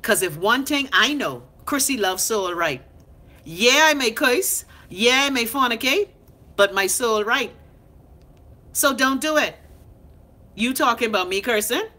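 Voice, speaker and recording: A woman's voice: a little high, a little slow, long pauses. A woman in her thirties with a Bahamian accent, ranting bluntly and profanely in a casual live chat while answering viewers. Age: 30s. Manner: blunt, profane, animated, talks back to commenters. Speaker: live-stream host reading comments. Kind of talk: unfiltered casual rant.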